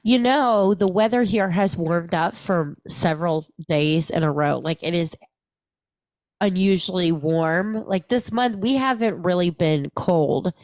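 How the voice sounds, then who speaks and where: A woman with a fairly low voice chats on a podcast, laughing easily and drifting off mid-sentence before picking back up. Her voice is close and dry, with no room sound around it. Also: unhurried, darkish tone, no room sound. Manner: chatty, laughs easily, trails off and restarts. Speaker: podcast co-host. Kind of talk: casual podcast chat.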